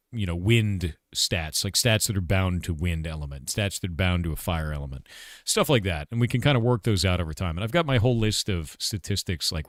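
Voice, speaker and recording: Recorded in a clean studio with no echo, this deep, fairly bright voice belongs to a forties-aged game developer and streamer. He chats in a loose, rambling way on a casual livestream, laughing often and cursing without a second thought.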